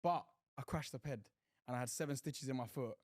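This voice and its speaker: A young podcast co-host talks fairly quickly in a mid-range voice, recorded dry at studio quality. His storytelling in this casual chat is animated and full of slang and swearing.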